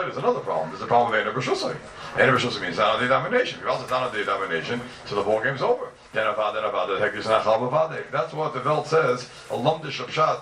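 A man's voice: medium pitch, pushed and bright, echoey room, recorded from a distance, a little hiss or hum. A man teaching a class on religious texts, emphatic and full of rhetorical questions.

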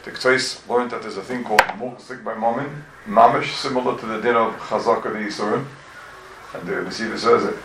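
Male Talmud teacher, raspy, animated lecturer, distant roomy recording with faint room noise. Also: fairly low pitch, brisk. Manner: animated, rhetorical questions, addresses students. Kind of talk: lively Talmud class lecture.

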